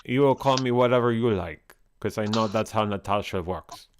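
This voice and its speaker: A man's voice: fairly low pitch, moderate pace, background noise. Jokey man hosting a stream. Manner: jokey, reads out viewer comments. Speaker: host. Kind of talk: casual live-stream chat.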